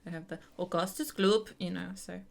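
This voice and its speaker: A woman's voice: lowish voice, steady tone, moderate pace, gravelly. A woman voicing a nervous, earnest young female student who rambles and restarts her sentences in a tabletop role-play. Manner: rambling, self-conscious, many restarts.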